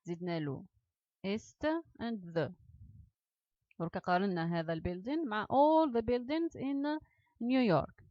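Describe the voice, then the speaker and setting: A woman teaching English grammar, repeating each example slowly and explaining it again in Arabic. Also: medium pitch, lively intonation, warm tone, no room sound. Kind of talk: classroom grammar lesson. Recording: dull lo-fi sound.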